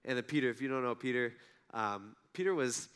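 A man's voice: mid-range voice, brisk, fairly bright tone, smooth. A man giving a casual storytelling sermon, retelling stories in a conversational way and acting out the quotes. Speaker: preacher.

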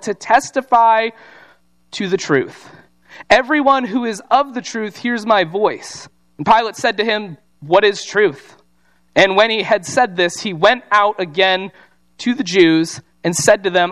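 A man's voice: high-pitched, fairly bright tone. A man preaching a sermon, reading scripture and retelling it in casual everyday speech. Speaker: pastor.

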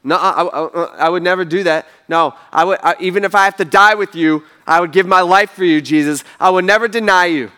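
A man playing a brash, loyal male disciple who loudly protests. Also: high-pitched, brisk, hardly any pauses, clear, resonant tone. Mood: protesting. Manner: loud, protesting, slangy.

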